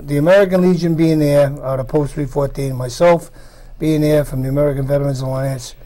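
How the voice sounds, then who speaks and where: A man's voice: a little high, steady tone, brisk, mellow. A middle-aged man hosting a casual chat, rambling with lots of fillers and restarts. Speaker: host.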